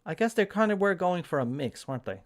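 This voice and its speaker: An Irish man casually commenting on a game during a live stream, chatty and rambling, often pausing with ums. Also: high voice, sing-song. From Ireland. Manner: chatty, rambling, thinking aloud with many ums.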